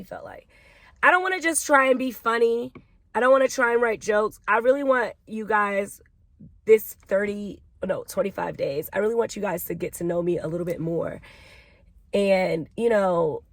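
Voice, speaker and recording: A woman's voice: mid-range voice, normal speed, gravelly, dry recording. Young woman, vlogger, candid personal talk, emotional, reflective, rambling, in a car.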